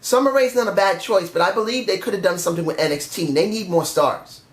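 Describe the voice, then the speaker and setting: This high-voiced man talks fast as he reviews a wrestling show by himself. He rants with frustration and corrects his slips along the way, and the room echoes.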